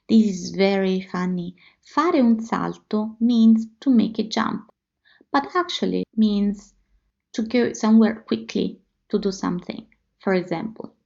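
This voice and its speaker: A woman with an Italian accent teaching a language lesson, repeating phrases slowly and carefully for learners. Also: medium pitch, gravelly, a little mellow. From Italy. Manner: slow, careful repetition for learners. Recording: slightly dull lo-fi audio.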